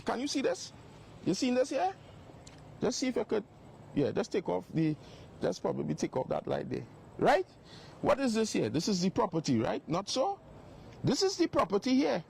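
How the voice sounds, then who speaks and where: Emphatic high-voiced man. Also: creaky, slight background noise. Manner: emphatic, repetitive, accusing. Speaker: live-stream host. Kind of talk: livestream exposé. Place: outdoors by a property.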